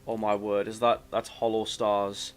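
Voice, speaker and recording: Soft background music accompanies a man whose low, flat voice is clean in tone and measured in pace. He's a let's play commentator reading story text from the game as he plays, rambling and self-mocking with frequent restarts.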